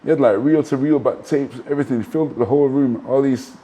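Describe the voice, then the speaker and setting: A man, a former boxer telling animated anecdotes in a casual interview, full of asides and restarts. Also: medium pitch, fast. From Manchester, England. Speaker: guest, former professional boxer.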